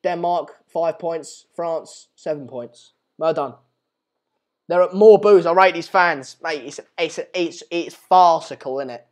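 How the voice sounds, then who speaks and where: A man's voice: fairly high pitch, a little slow. A man hosting a live football chat stream, ranting in an exasperated way and repeating himself. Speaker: live match chat host.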